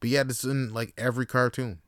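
A man hosting his own show, giving a rambling comic monologue full of swearing and deadpan asides. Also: mid-range voice, fairly quick, no echo, clean studio sound. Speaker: podcast host and comedian. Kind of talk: casual comedic monologue.

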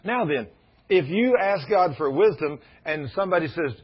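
A middle-aged man preaching a sermon in a folksy storytelling way, now and then rising to loud emphasis. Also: a little high, lively intonation, moderate pace, slightly rough. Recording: muffled lo-fi sound.

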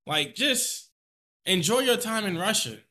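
A man speaks in a bright, forward voice pitched a touch high. He holds forth in casual podcast banter, swearing and stacking emphatic repeats as he argues. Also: sing-song, a little slow. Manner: blunt, emphatic, profane, repeats himself for emphasis. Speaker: podcast co-host. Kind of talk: casual opinionated podcast chat.

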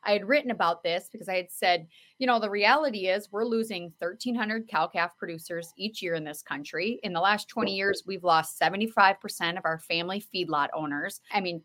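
Woman host, conversational, earnest storyteller, middle pitch, lots of "you know". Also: fairly quick, hardly any pauses, fairly bright tone. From South Dakota. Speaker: podcast host. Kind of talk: casual conversational talk.

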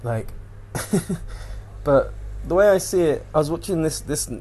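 A man's voice: a little high, takes it slowly, a little hiss or hum. Sweary rambling man. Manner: rambling, sweary, animated retelling. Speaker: podcast host. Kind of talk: casual solo chat.

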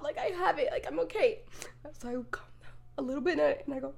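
A woman's voice: high-pitched, quick pace, creaky. A young woman co-hosting a podcast, telling school stories in casual chat, swearing often and filling with "like". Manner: swearing, storytelling with lots of "like". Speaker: podcast co-host.

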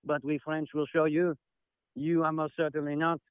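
A man's voice: a little high, little pitch movement, normal speed, smooth, no room sound, lightly acted. A man voicing an exaggerated, snooty caricature of a Frenchman and a German over a tinny phone line. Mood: mocking. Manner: exaggerated comic foreign-accent caricature.

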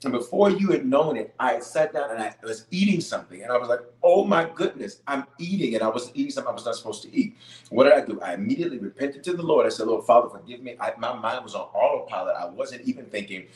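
A man's voice: mid-range voice, expressive, fast talker, echoey room. A man serving as bishop, leading a live-streamed prayer call, greeting viewers by place and answering their questions with emphatic repetition. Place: room at home base near Denver.

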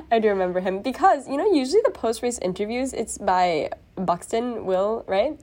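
Chatty young woman co-host, fairly high voice. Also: expressive, normal speed, a little mellow. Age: young adult. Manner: laughs often, chatty and agreeable. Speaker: podcast co-host. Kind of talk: casual chat.

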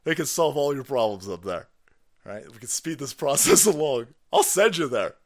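A man's voice: medium pitch, very animated, moderate pace. A man hosting a livestream, ranting about politics in a profane, mocking way and laughing often. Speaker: livestream host. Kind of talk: foul-mouthed political comedy rant.

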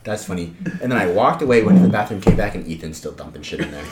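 Speaking rapid-fire in a low pitch, a young man relates work stories in a casual podcast chat where he co-hosts, putting on the voices of people he quotes. Loud noise and echo fill the room.

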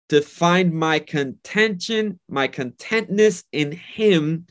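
A man's voice: a little high, slow pace, few pauses. A man preaching a sermon and leading a prayer, earnest and emphatic, often repeating his words. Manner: earnest, repetitive, emphatic phrasing. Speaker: pastor.

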